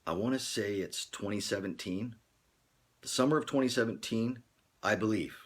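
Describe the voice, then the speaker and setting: A man's voice: lowish voice, normal speed, slightly rough. A man hosting a casual livestream, rambling and joking, chuckling often as he talks to viewers. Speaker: livestream host. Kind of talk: casual live-stream chat.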